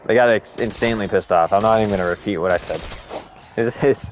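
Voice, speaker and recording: A man's voice: on the low side, fast, a little hiss or hum. A young man chatting casually to viewers while live-streaming a game, with laid-back slang and frequent swearing. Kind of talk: casual gaming stream chat.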